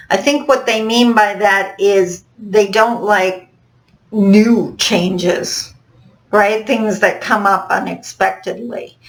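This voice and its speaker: A woman's voice: medium pitch, rough recording. A middle-aged woman teaching a recorded online course lesson, speaking to viewers in an upbeat, encouraging way. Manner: upbeat, encouraging, direct address.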